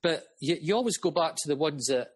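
A man's voice: a little high, expressive, brisk, slightly rough. A middle-aged man, a music promoter guest, telling rambling stories with frequent laughs. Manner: rambling, chatty, laughs often. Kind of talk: casual storytelling.

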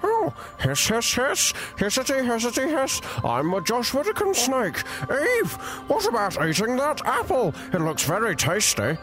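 A man voicing a sly, hissing snake who speaks quietly and temptingly. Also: very high-pitched, wildly swooping pitch, unhurried, few pauses, over music, pitched above the performer's own voice, heavily acted, rough recording.

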